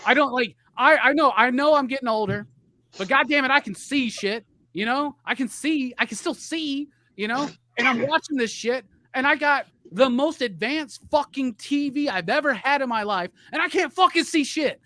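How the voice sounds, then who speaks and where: A man's voice: very high voice, normal speed, bright, forceful tone, dry recording. A middle-aged man co-hosting a live podcast, airing grievances in a heated, profane, rambling rant. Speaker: podcast co-host.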